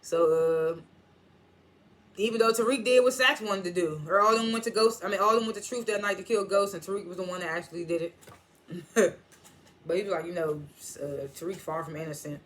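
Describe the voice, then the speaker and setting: A man casually recapping and reviewing a TV episode, rambling and animated, with frequent swearing and laughter. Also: high-pitched, brisk.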